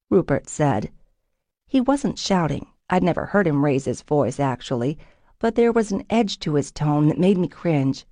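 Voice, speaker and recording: A woman narrates a first-person audiobook in a steady, expressive read. Her voice sits low and mellow, recorded close with a dry, dead studio sound. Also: unhurried, no echo.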